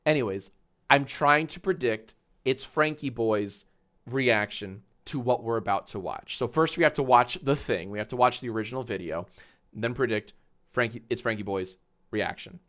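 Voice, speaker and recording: A man streaming live and reacting to a clip, talking in a halting, rambling way with sudden swearing outbursts. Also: medium pitch, fairly bright tone.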